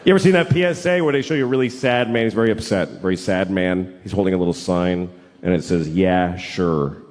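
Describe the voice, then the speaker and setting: A man in his forties performing a stand-up routine, mixing deadpan storytelling with sudden shouted outbursts. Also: fairly low pitch, fast. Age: 40s. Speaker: stand-up comedian. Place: theater stage. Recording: reverberant hall with faint noise. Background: audience laughter.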